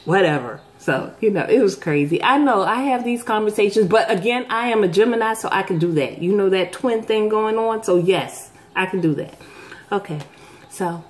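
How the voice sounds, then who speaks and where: A middle-aged vlog host chats casually with her viewers while telling a story, her pitch jumping up whenever she acts out the voices she quotes. Her intonation is lively and her pace moderate.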